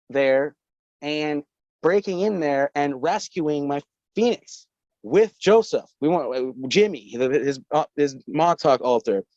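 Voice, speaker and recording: A man's voice: fairly high pitch, darkish tone, no echo. A man telling a long story as a podcast guest, rambling and swearing, often breaking into laughter. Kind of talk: casual storytelling. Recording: dull lo-fi call audio.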